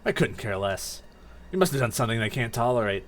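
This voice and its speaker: A streamer voicing a gruff lizard outlaw who talks in a curt, dismissive way, reading game dialogue aloud. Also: medium pitch, expressive, quick pace, close to an everyday voice.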